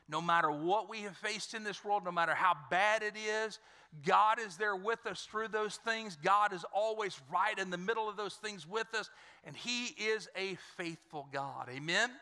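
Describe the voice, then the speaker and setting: A man's voice: high voice, bright, forceful tone. A man preaching a sermon to his congregation, emphatic and repeating words, calling out for responses. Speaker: pastor. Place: church sanctuary. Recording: church hall reverb.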